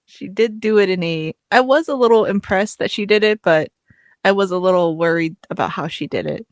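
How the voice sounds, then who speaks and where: A woman's voice: mid-range voice, fairly quick. A woman with a mid-range voice talks in a playful, teasing way and giggles often while she chats about a book. She co-hosts the show on a close microphone. The sound is dry, with no room echo. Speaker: podcast co-host. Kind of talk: casual book discussion. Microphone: studio mic.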